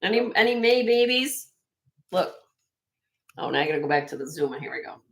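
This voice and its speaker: A woman hosting a live online jewelry sale, chatting excitedly and loudly as she shows each piece. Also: lowish voice, fairly quick. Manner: excitable, loud, chatty sales patter.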